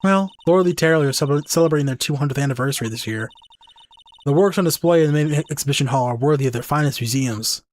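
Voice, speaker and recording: A man voicing a composed, polite young woman who runs an exhibition, in a game playthrough, in a calm, measured tone. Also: on the high side, slight background noise, close to an everyday voice. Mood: earnest.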